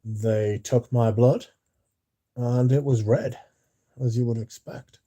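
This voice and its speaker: A man's voice: mid-range voice, steady tone, slow pace, dark tone, no echo. A man hosting a casual livestream, sleepy and yawning, rambling and swearing as he chats to his viewers. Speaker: livestream host.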